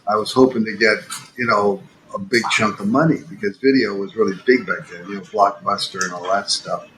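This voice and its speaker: A man's voice: on the low side, steady tone, fairly quick, background noise. An older man telling a long story casually as a podcast guest, with many fillers and restarts.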